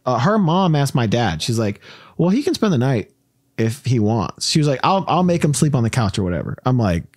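A man from Tennessee hosting a podcast, telling a rambling, animated story and laughing often. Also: mid-range voice, a little fast, no room sound, studio quality. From Tennessee, USA. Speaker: podcast host. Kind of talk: casual storytelling chat.

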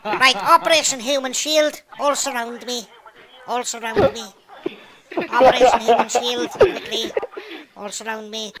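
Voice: mid-range voice, fairly even intonation, measured pace, a crowd in the background, close to an everyday voice. A performer voicing a bossy, foul-mouthed Welsh man who barks orders at other players in an online game, speaking into a headset mic. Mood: commanding. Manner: bossy, swearing, barking orders. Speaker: gaming video host. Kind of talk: comedic in-game role-play.

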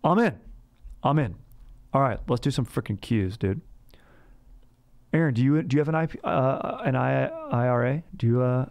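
A man's voice: mid-range voice, very animated, normal speed, vocal fry, long pauses, a little mellow. Male comedy podcast host; slangy, rambling, easygoing banter. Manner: slangy, rambling, says dude a lot.

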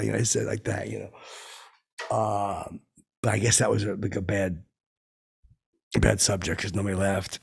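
A man doing a gravelly rambling braggart. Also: lowish voice, level tone. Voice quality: gravelly, husky. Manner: meandering, halting, full of fillers and sound effects. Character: dim, boastful washed-up male hanger-on telling tall tales. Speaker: comedy podcast host in character. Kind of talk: rambling deadpan anecdote.

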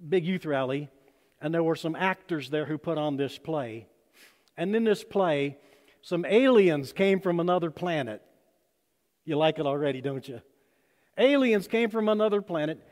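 Pastor preaching in a reverberant sanctuary. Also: male voice, on the high side. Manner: storytelling, acts out quoted voices with sudden loud and soft turns. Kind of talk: sermon. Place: church sanctuary. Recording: long hall reverb.

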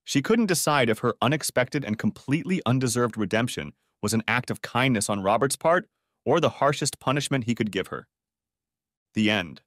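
Reading a story audiobook from script, a man keeps an even, measured delivery. He speaks at medium pitch in a clean studio recording without room sound.

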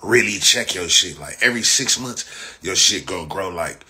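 Speaking at normal speed in a deep but bright and forceful voice with lively intonation, a young man from Inglewood, Los Angeles, rants loosely on his livestream. He's boastful, profane, and repeats himself, frequently cracking up laughing.

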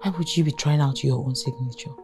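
A woman's voice: extremely low pitch, fairly even intonation, fast, dark tone. An actress playing a worried wife who suspects her husband has changed, in a film drama with music underneath. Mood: puzzled. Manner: anxious, pleading, rising to panic. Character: frightened young wife doubting her husband.

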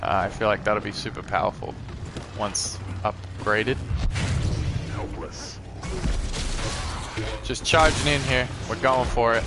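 A man's voice: lowish voice, normal speed, over music. A man hosting a live gameplay stream in a casual, chatty way, talking to viewers and reacting to the game as he plays.

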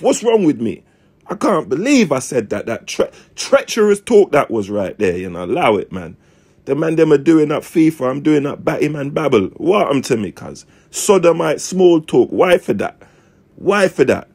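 Husky young man, mock-dramatic. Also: medium pitch, big pitch swings, moderate pace, a little mellow. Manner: mock-dramatic, self-mocking, slangy. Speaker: host. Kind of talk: comic commentary.

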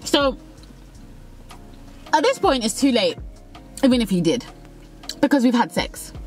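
A woman's voice: a little high, sing-song, measured pace, faint music behind, poor audio. A young woman, candidly telling a personal dating story, quoting others and swearing freely. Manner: candid, swearing, acts out quotes. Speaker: vlogger. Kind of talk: casual storytelling.

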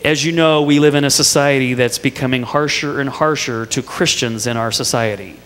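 A man's voice: mid-range voice, normal speed, a bit bright, in a large hall. A middle-aged male pastor preaching a sermon, telling family stories with playful asides to the congregation. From Indiana. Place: church sanctuary.

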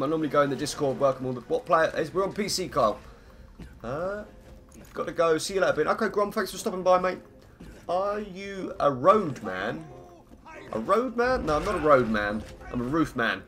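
A man with a croaky voice chatting through live gameplay commentary, greeting viewers and humming between lines. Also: on the high side. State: hoarse, croaky voice. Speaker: game streamer. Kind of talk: live gameplay commentary, reading chat aloud.

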